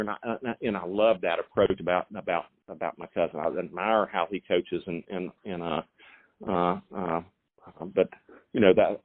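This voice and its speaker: A middle-aged man, a high school football coach, talking in a halting way with many repeated words and fillers. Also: dry recording. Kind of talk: phone interview. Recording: phone line.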